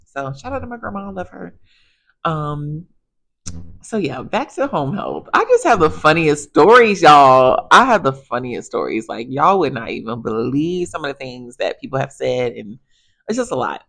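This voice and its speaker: Low-voiced chatty woman therapist. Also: moderate pace, gravelly. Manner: chatty, animated, addresses viewers as y'all. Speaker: physical therapist. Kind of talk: casual storytelling monologue.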